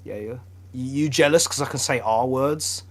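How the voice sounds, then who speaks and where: A man's voice: mid-range voice, normal speed, background noise. A young man with a British accent, co-hosting a podcast in casual, laughing banter with mock outrage. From Britain. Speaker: podcast co-host.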